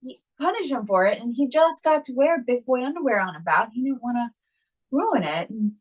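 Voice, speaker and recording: A woman co-hosting a podcast, chatting casually and telling a lively story about her kids, acting out what everyone said. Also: a little high, a little fast, poor audio. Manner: animated storytelling, acts out quotes. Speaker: podcast co-host. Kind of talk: casual chat.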